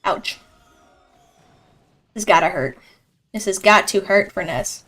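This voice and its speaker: A young woman giving live esports commentary in a chatty, excitable way, reacting loudly to each play. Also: medium pitch, a little slow, faint music behind. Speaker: esports caster.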